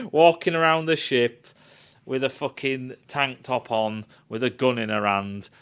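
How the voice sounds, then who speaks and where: A man giving a profane, animated rant as he critiques a film. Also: medium pitch, a little slow, smooth. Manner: animated, swears a lot, acts out quotes. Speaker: film reviewer.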